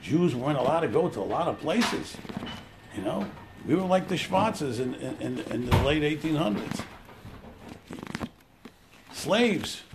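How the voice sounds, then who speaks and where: Animated, gravelly man teaching scripture. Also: fairly high pitch, measured pace, pauses often, noisy background. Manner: animated, storytelling, acting out quotes. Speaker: Torah teacher. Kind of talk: informal religious lecture.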